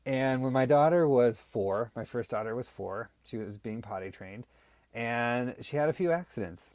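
A man's voice: lowish voice, a little mellow, no echo. A man in his thirties telling stories about fatherhood in casual podcast talk, earnest and reflective. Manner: earnest, storytelling.

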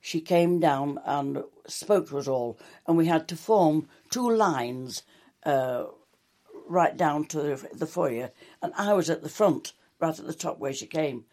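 Older woman, mellow-toned, chatty storyteller telling showbiz anecdotes in an interview. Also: sits low, a little slow. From England. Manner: chatty, warm anecdotes with quoted dialogue. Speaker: soap actress. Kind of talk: reminiscing interview.

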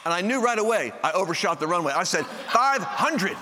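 Before a live audience in a large meeting hall, a man preaches a sermon, cracking jokes and acting out the voices in his stories. His voice sits high and is expressive, moving at a quick pace. The recording carries long hall reverb and faint background noise.

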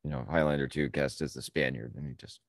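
Male podcast co-host, extremely deep gravelly voice, dry, blunt dark humor. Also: steady tone, fast, no echo. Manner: dark jokes, short quips, mutters asides. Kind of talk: casual profane chat.

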